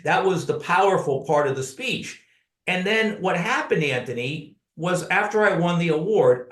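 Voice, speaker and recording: A man's voice: fairly high pitch, fairly bright tone, echoey room. A man telling stories as a podcast guest, earnestly and often addressing the host by name. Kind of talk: conversational storytelling.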